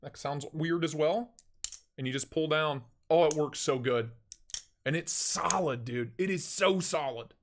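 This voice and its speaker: A young man with a fairly high voice chats on a live stream. He talks in an excitable, slangy way and breaks into loud bursts when he retells a story. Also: measured pace, a little hiss or hum. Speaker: knife channel host. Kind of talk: casual live-stream chat.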